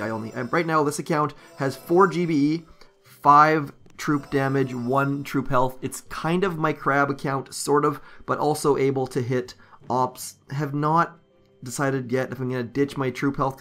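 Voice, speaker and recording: A man's voice: medium pitch, a bit bright. A man giving casual commentary over his strategy game, thinking aloud with frequent ums as he walks through his base. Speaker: gaming YouTuber.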